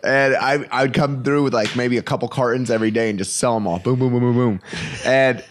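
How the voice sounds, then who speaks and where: A man's voice: mid-range voice, steady tone, brisk, slight background noise. A young adult man, a comedian guest, telling stories in a casual, rambling way full of fillers. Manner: rambling, lots of "like" and "you know". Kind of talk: casual storytelling.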